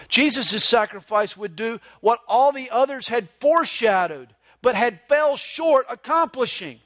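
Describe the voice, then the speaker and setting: A male pastor preaching a verse-by-verse sermon, earnest and expressive, moving between emphatic rises and hushed lows, with a conversational "you know" style. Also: no room sound. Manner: conversational, with frequent "you know" fillers and restarts.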